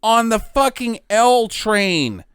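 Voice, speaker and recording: A man's voice: high voice, slow pace, clean tone, dry recording, clean studio sound. A man co-hosting a podcast, sarcastically recapping a bad movie in casual chat. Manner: sarcastic, animated recapping with mock villain lines. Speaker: podcast co-host.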